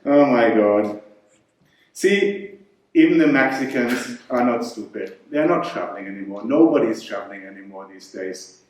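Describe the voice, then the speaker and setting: A man with a German accent doing stand-up comedy, telling a story deadpan and chuckling along. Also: medium pitch, normal speed, a little hiss or hum. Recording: echoey hall from far off.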